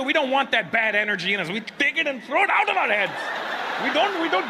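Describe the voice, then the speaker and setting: A man with a high voice works a comedy club stage, spinning stories and talking with audience members. He jumps between characters as he goes. The live recording picks up a lot of background noise. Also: fast talker. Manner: animated, acts out both sides of conversations. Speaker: stand-up comedian. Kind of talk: stand-up routine with crowd work.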